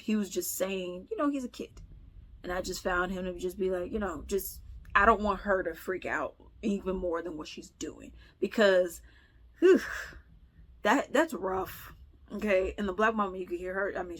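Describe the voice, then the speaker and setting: Chatty animated woman vlogger. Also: on the low side, moderate pace. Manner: chatty, animated, acts out quotes with sighs and laughs. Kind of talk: casual storytelling commentary.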